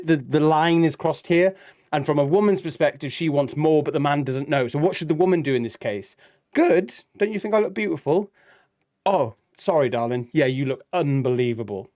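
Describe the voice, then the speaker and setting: A man co-hosting a casual reaction show, rambling and acting out quoted lines. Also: mid-range voice. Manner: rambling, animated, acts out quoted dialogue. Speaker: reaction video co-host.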